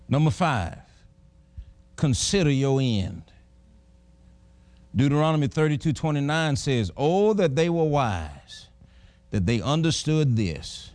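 A man's voice: medium pitch, no room sound. A middle-aged man preaching a sermon, folksy and emphatic, chuckling as he tells personal stories.

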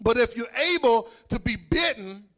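A man preaching a sermon, fervent and sing-song, building up to shouted lines. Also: very high-pitched, animated, moderate pace. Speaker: pastor.

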